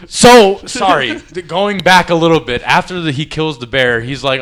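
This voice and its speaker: A man casually retelling a wild story on a podcast, crude and animated, acting out the people he quotes. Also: mid-range voice, moderate pace, hardly any pauses. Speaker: podcast host.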